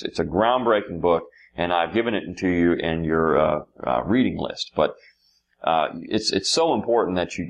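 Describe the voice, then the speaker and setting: A man giving an unscripted history lecture to his students, pausing often with fillers and restarting sentences. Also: fairly low pitch. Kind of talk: classroom lecture.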